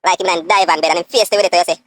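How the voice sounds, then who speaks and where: Fast-talking woman joking. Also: lowish voice, steady tone, a bit bright. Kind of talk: joking street chat.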